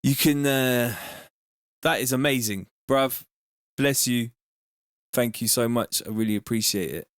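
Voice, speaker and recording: A relaxed man with a London accent talks through a live music-production stream in easy, slangy chat. His voice sits at an ordinary middle pitch. The sound is dry and close, with no room around it. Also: unhurried, pauses often, no room sound. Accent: London English. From England. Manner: laid-back, slangy, thanks viewers warmly. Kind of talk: casual livestream chat.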